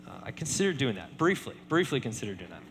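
A man preaching a sermon in a relaxed conversational way, often checking in with "right?". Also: mid-range voice, quick pace, long reverb tail, a little hiss or hum. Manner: conversational, many fillers and repeated tag questions. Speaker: pastor.

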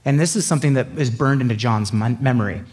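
A man's voice: medium pitch, fast talker, a little mellow, breathy edge, big-room sound. A man preaching a sermon as pastor, conversational with joking asides. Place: church sanctuary.

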